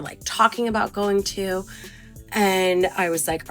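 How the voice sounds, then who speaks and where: A woman's voice: medium pitch, steady tone, takes it slowly, faint music behind. A woman in her thirties talking in a rambling, hesitant, emotional confessional vlog. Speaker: vlogger.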